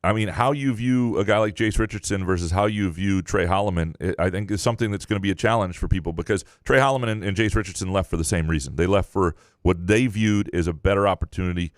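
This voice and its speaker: A man's voice: low-pitched, fast, no room sound, clean studio sound. A man co-hosting a sports podcast, talking casually and rambling with many restarts. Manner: rambling, lots of restarts and fillers. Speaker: podcast co-host.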